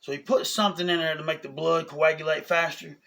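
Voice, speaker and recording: A man, telling a personal story in a casual, animated way, often asking "you know what I'm saying?". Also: fairly high pitch, a little fast, vocal fry. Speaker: vlogger.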